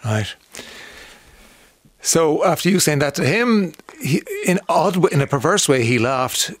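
A man's voice: a little high, very animated, unhurried, no echo. A man hosting a radio interview, asking questions in a conversational way with fillers. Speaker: radio host.

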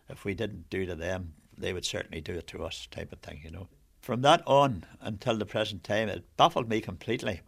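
An older man from Northern Ireland, reminiscing in an interview in a reflective, measured way. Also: fairly low pitch, creaky, fairly bright tone.

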